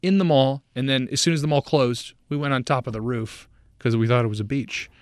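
A man's voice: mid-range voice, fairly quick, no room sound. Man telling a story on a podcast, dry sound. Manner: animated, lots of "like", acts out voices in his story. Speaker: podcast guest host. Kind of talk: casual storytelling in a podcast chat.

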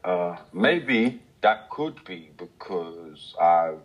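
A man's voice: low-pitched, animated, extremely slow, husky, low-quality recording. An English man with a slight American tinge hosting a casual live stream, chatty and filler-heavy. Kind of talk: casual chat.

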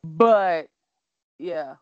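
Middle-aged woman chatting, emotional and animated, kinda dull dry sound. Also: sits low, extremely slow, no echo, faint music behind. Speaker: co-host. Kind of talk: casual chat.

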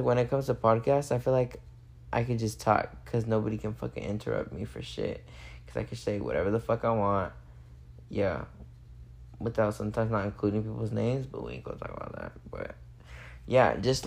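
An eighteen-year-old host rambles through a late-night solo podcast rant recorded on a phone. The talk is loose and profane, packed with "like" fillers, and comes from someone who is a little high. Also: darkish tone. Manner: rambling, profane, heavy use of "like".

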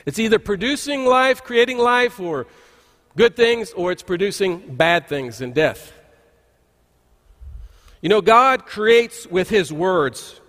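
High-voiced pastor preaching in a reverberant hall. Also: male voice, lively intonation, slow pace, pauses often, fairly bright tone. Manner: folksy storytelling with frequent "uh" restarts. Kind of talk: conversational sermon. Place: church sanctuary. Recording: long reverb of a large church hall.

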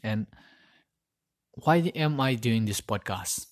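This podcast host speaks alone at a measured pace in a mid-range voice, rambling and repeating himself as he hunts for words. His USB mic runs into his phone, and the studio-quality audio has no echo.

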